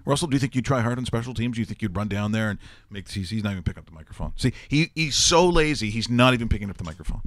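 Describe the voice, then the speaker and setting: A man hosting a sports talk show, telling stories in a rambling, animated way and laughing often. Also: medium pitch, rapid-fire, dry recording. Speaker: host.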